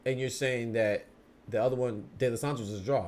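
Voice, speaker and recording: A man's voice: mid-range voice, fairly even intonation, brisk, darkish tone, a little hiss or hum. A man hosting a boxing podcast livestream, talking casually and answering viewer chat in slangy speech. He often repeats words while he thinks.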